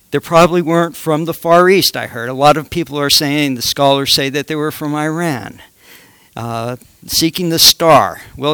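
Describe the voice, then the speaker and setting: A man's voice: mid-range voice, fairly bright tone, no echo. A man preaching a conversational sermon with slides, joking asides and frequent fillers. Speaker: lay preacher.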